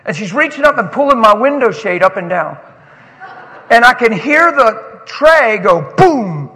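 A pastor giving an animated, emotional sermon that he breaks off to greet friends, recorded in a church sanctuary with a long reverb. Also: extremely high pitch, measured pace. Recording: long reverb of a large hall.

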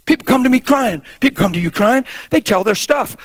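A man in his fifties preaching a sermon, swinging from shouts to hushed, intimate tones. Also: high-pitched, animated, quick pace, gravelly, few pauses, breathy edge, no echo, clean studio sound. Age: 50s.

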